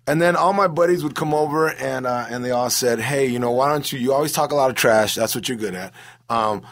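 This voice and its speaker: A man's voice: mid-range voice, fairly quick, fairly bright tone. A middle-aged man, a comedian, telling stories in a loose, rambling way, full of "bro" and "you know". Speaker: comedian guest. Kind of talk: casual storytelling interview.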